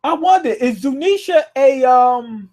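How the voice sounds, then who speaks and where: A man hosting a live manga reaction, reading panels aloud with restarts and cursing excitedly at what happens. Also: extremely high pitch, measured pace. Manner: profane, excitable, rereads lines aloud with many restarts.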